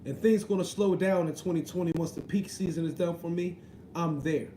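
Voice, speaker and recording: High-voiced slangy man streaming live. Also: fairly quick, mellow, echoey room, a little hiss or hum, rough recording. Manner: joking, slangy, repeats "you know what I mean". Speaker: livestream host reading chat. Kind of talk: casual live-stream chat.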